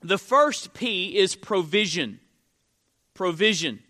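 A man's voice: high-pitched, animated, slow pace, pushed and bright. A man, a pastor, preaching an earnest sermon, often repeating phrases and restarting his sentences.

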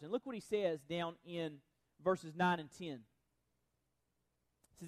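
A man's voice: sits high, moderate pace, pauses often. A man preaching a sermon in an earnest, conversational way, often restarting phrases and asking the congregation if they follow. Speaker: pastor.

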